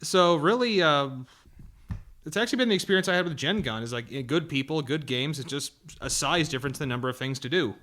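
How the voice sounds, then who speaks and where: Bright-voiced man, dry podcast banter. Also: on the high side, lively intonation, fairly quick. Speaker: podcast co-host. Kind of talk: casual podcast chat.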